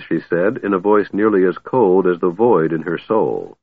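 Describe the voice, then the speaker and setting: Deep-voiced male fantasy narrator. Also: moderate pace, slightly rough, dry recording. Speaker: audiobook narrator. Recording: dry, phone-like narrow band.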